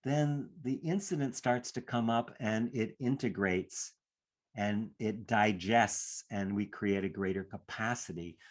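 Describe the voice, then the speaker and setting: A man's voice: on the low side, a little slow. A man teaching a class on stress, speaking reflectively and acting out inner voices as he explains. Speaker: stress coach.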